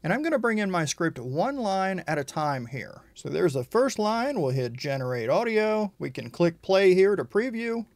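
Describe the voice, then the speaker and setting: A man hosting a software tutorial, explaining each step in a casual, conversational way. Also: sits high, sing-song, moderate pace, hardly any pauses, dry recording. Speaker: tutorial host.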